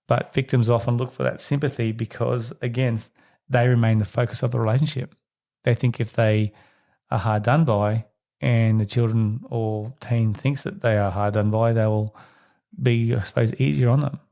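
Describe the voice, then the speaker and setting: Speaking in a gravelly, darkish voice, a man reflects with listeners on his solo parenting podcast in a conversational style. When he quotes people, he acts out their voices at a higher pitch.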